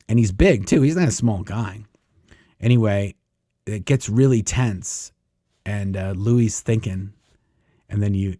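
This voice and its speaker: A guest storyteller with a lowish, dark-toned male voice rambles through a long personal story, packing it with fillers and acting out what other people said. The studio-quality recording has no room sound.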